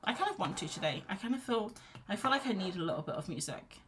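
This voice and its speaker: A woman's voice: medium pitch, animated, fast talker, slight background noise. A woman chatting casually on a live stream as she paints at home, reading out chat messages and cheering herself on. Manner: chatty, reads out chat, rambling and self-encouraging. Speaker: art streamer. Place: home, on a sofa wrapped in a blanket. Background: quiet background music.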